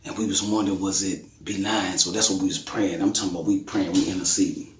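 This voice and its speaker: A man's voice: sits low, steady tone, quick pace, slight background noise. A middle-aged man telling his daughter's testimony in a colloquial, earnest way, acting out quotes with sudden bursts. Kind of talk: emotional testimony storytelling. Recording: echoey room.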